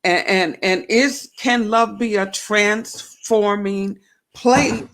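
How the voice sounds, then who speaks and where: A woman's voice: medium pitch, slow, fairly bright tone. A woman hosting a faith-based talk show, reflecting aloud and asking herself questions. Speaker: show host.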